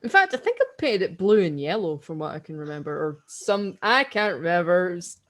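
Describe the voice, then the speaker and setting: A woman's voice: fairly low pitch, big pitch swings, a little fast, fairly bright tone. A young Scottish woman co-hosting a podcast, telling long stories in casual chat and laughing often. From Scotland. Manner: rambling, giggly storytelling. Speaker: podcast co-host.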